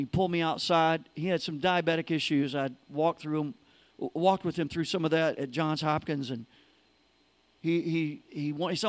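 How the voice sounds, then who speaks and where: Man, pastor, high voice, folksy storytelling, dry recording. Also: moderate pace, dry recording. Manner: animated, folksy storyteller with sound effects. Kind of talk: sermon storytelling.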